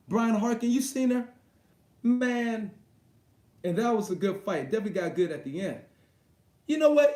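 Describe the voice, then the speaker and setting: A man hosting a live boxing stream, talking in a crude, excitable, rambling way full of slang. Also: sits high, reverberant. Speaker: boxing show host. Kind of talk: casual live-stream chat.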